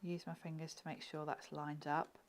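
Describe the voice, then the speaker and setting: A woman's voice: low-pitched, little pitch movement, normal speed. Giggly woman demonstrating crafts. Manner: chatty, giggly, often drops to a murmur while working.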